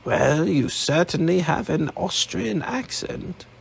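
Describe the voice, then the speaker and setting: A man's voice: a little high, expressive, slow, gravelly, slightly rough, voice pushed up, heavily acted. A man reading an audiobook, voicing a suspicious old woman leader with a crackly, scornful voice. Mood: probing. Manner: scornful, dismissive.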